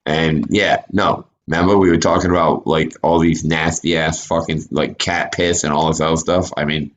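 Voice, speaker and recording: A man's voice: extremely low pitch, flat delivery, moderate pace, slight background noise. A man co-hosting a casual online chat show over voice chat, blunt, teasing and profane. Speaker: podcast co-host. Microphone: remote voice chat. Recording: dull lo-fi mic.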